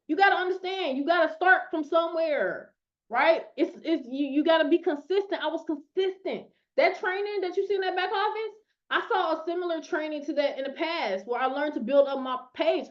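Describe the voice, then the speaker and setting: A high-pitched woman in her thirties tells her story to a group on a video call, emphatic and conversational, dropping in "y'all". The audio is dull and lo-fi. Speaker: network marketing coach. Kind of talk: motivational talk on a call.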